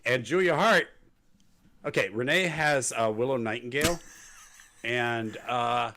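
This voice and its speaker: A man's voice: medium pitch, measured pace, sharp tone. A man hosting a wrestling podcast, recapping the show in casual chat with sarcasm and silly impressions of wrestlers. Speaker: podcast host.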